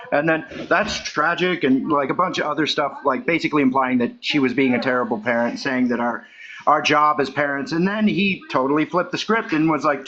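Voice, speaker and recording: A man's voice: fairly high pitch, brisk, sharp tone, muffled recording, slight background noise. A man on a panel call indignantly recounting what another caller said. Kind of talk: heated panel discussion.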